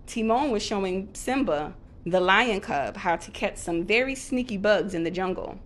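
A woman narrating a children's storybook aloud in an expressive, storytelling way. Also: medium pitch, moderate pace, few pauses.

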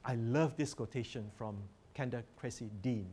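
A man's voice: mid-range voice, fairly even intonation, normal speed, few pauses, darkish tone, breathy edge. A man presenting a teaching workshop as a professor, earnest and emphatic as he guides listeners through slides.

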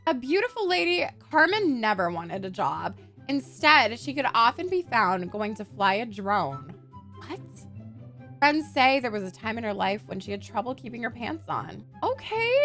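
A young woman gaming YouTuber giving casual let's-play commentary, excitable, profane and prone to dramatic outbursts. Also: on the high side, unhurried, faint music behind.

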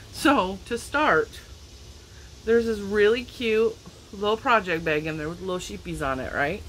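A woman's voice: medium pitch, measured pace, pauses often, a bit bright, slight background noise, poor audio. A woman crafting vlogger chatting casually and emotionally in a back yard, laughing often and getting teary. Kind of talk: casual chat.

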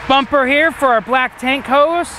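Upbeat high-voiced RV salesman outdoors. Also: unhurried, pushed and bright, slight background noise. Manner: upbeat, chatty, with fillers. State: has the hiccups. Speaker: RV dealership salesman. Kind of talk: walkaround product tour. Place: outdoors at an RV dealership lot.

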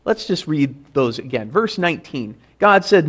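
A man's voice: medium pitch, animated, moderate pace, hardly any pauses. Male pastor, casual teaching sermon, reads scripture with emphasis. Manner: conversational explaining, reads scripture aloud with emphasis. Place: church.

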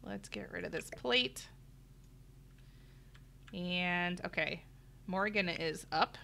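A woman's voice: lowish voice, slow, creaky, bright, forceful tone, a little hiss or hum. A middle-aged woman giving chatty let's play commentary, talking to her viewers and exclaiming at the game. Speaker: gaming channel host. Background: faint game music.

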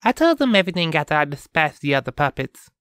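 A capable young woman fighter in a storybook, talking fast and matter-of-fact, as a man puts her on. Her voice sits well above his own, crisp and dry. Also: fairly high pitch, sing-song, fairly bright tone, dry recording, pitched above the performer's own voice.

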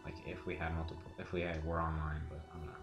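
A man's voice: a bass voice, completely flat delivery, racing, highs cut off. A young man casually commenting on a video game with a friend, joking and laughing often. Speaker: let's play commentator. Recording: roomy echo with game music.

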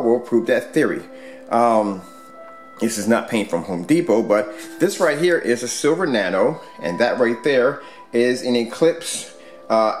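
A man casually demonstrating a product at home, rambling with many fillers and restarts. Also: mid-range voice. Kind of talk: casual product demo vlog. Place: home room with squeaky floors.

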